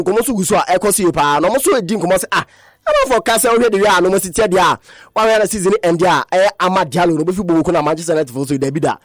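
A man rattles through a radio sports news roundup at a fast clip. His voice sits high, and his delivery slides now and then into a sing-song lilt. The studio sound is dry and close. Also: no room sound.

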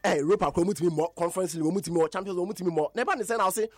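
High-voiced Ghanaian sports presenter, dry. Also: male voice, very fast, no room sound. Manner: animated, emphatic repetitions. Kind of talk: radio sports news roundup.

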